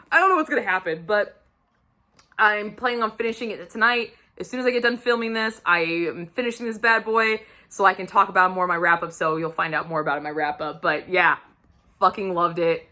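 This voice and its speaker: A woman chats to camera in a casual weekly reading update, gushing with excitement and swearing freely. Her voice is bright and forceful, with a mid-range pitch for a woman. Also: a little fast. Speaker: book vlogger.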